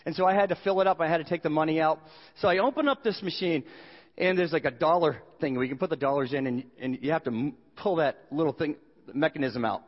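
Animated pastor guy joking his way through a sermon, dull sound, big echoey hall. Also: a little high, quick pace.

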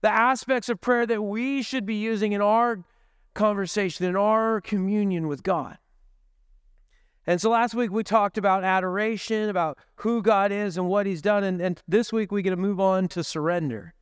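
A man's voice: high-pitched, fairly even intonation, moderate pace, clear, resonant tone, no echo, clean studio sound. A man preaching a sermon at a church service as the pastor, telling stories conversationally with joking asides.

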